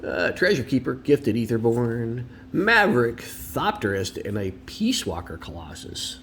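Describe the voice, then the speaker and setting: A man's voice: mid-range voice, sing-song, normal speed, few pauses, a bit bright, a little hiss or hum. Chatty man opening trading cards. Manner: chatty and opinionated, rambling asides. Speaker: card collector and video host. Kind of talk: casual card-opening commentary.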